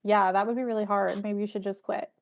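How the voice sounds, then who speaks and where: A woman's voice: mid-range voice, little pitch movement, brisk, creaky, highs cut off. A woman hosting a podcast, reflecting in an encouraging, motivational way during a casual chat. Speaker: podcast host.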